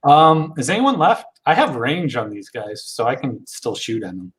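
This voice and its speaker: A man playing a tabletop game in relaxed, joking banter. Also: medium pitch, moderate pace. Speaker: player. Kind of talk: casual tabletop play.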